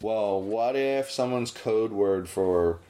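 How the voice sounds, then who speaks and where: Low-ish and slow, a male podcast host rambles through an animated, casual rant. When indignation hits, his voice leaps up sharply.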